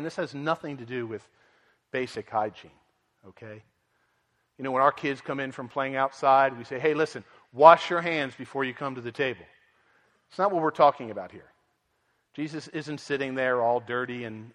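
Male pastor, earnest expository preaching, voice a touch high, long hall reverb. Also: a bit bright. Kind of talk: sermon.

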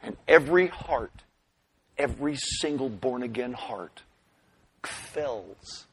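A middle-aged man preaching a sermon, animated, swinging between loud bursts and hushed asides. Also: medium pitch, slow, a little hiss or hum, poor audio. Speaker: pastor.

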